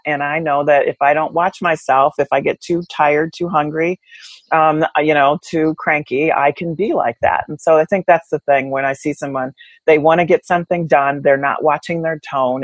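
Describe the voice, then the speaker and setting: A woman's voice: sits low, no echo, poor audio. A woman guest in an interview, telling stories candidly and reflectively, with many fillers and restarts. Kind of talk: conversational interview.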